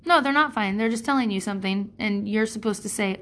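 A woman's voice: mid-range voice, fast, few pauses, fairly bright tone. A middle-aged woman speaking as a parent, talking frankly and casually, rambling off topic, cursing freely and acting out quotes in different voices. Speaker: parent sharing advice. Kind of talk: candid casual monologue.

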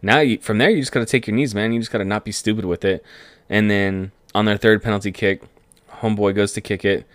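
A young man talking casually about sports, rambling and excitable and laughing at his own remarks. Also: fairly low pitch, fast talker, no echo. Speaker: vlogger. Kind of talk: casual sports commentary monologue.

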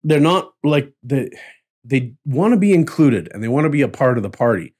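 A man hosting a casual chat about tabletop roleplay, chatty and quick to laugh. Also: mid-range voice, lively intonation, a little mellow, slightly rough. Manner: chatty, laughs often, slips into playful voices. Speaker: podcast host, dungeon master.

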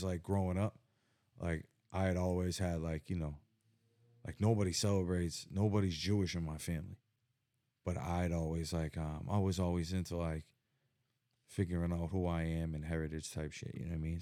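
A man's voice: deep voice, dark tone. A young man chatting casually as a podcast co-host, rambling, swearing and laughing often. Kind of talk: casual chat.

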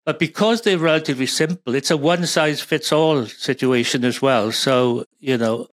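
A man with a Welsh accent talks through his field as an interview guest. His voice sits at an ordinary middle pitch. It is recorded dry and close, and his speech is full of fillers and false starts. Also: moderate pace, no echo. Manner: rambling, with many fillers and restarts. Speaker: guest, pharma supply chain expert. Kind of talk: conversational interview.

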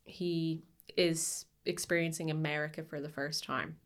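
A woman's voice: low voice, steady tone, unhurried. A young adult woman co-hosting a casual podcast chat, talking in a rambling way with many fillers and restarts. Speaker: podcast co-host. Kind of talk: casual chat about a film.

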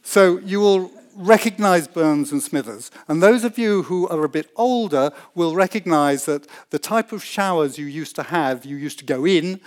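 A man's voice: on the high side, moderate pace, few pauses. A man who does medical research, giving an enthusiastic public science lecture and acting out the voices in his own examples. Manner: enthusiastic explainer, acts out quoted voices.

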